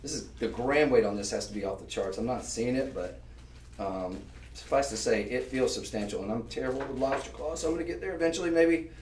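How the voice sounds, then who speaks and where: A man hosting a live shopping show, chatting on and piling up descriptive words as he pitches. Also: a little fast, darkish tone, recorded from a distance, a little hiss or hum. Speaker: shopping channel host. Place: shopping channel studio. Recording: roomy sound, voice off-mic.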